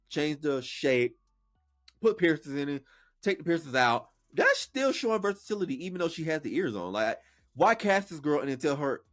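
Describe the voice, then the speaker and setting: Male podcast host, casual reaction commentary, slightly high voice, very lively pitch, sassy and playful.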